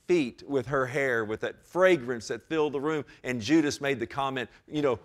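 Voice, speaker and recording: A male pastor delivering a sermon at a mid-range pitch. He preaches with passion, pushing his voice up for emphasis and calling out directly to the congregation. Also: expressive, moderate pace, hardly any pauses.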